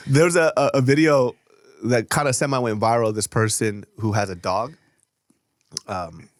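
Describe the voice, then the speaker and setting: A man on a podcast spinning a crude, playful story and laughing as he goes. His pitch sits in a middle range. The sound is dry and close. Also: moderate pace, no echo. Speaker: podcast co-host. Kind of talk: casual chat.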